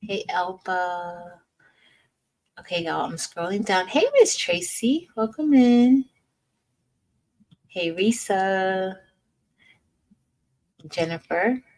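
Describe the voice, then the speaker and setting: A woman's voice: medium pitch, very slow, pauses often, a little mellow, poor audio. A woman hosting a casual craft livestream, greeting viewers by name in an upbeat, chatty way.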